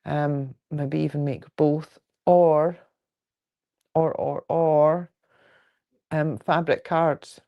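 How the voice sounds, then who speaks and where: A woman with a Fife Scottish accent hosts a relaxed quilting livestream from home, chatting with viewers in a frank, jokey way. Her voice has a gravelly, creaky edge, and she rambles comfortably from one thought to the next. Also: low voice, drawn-out words, pauses often, lo-fi sound. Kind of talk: casual livestream chat, answering viewer comments. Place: at home indoors.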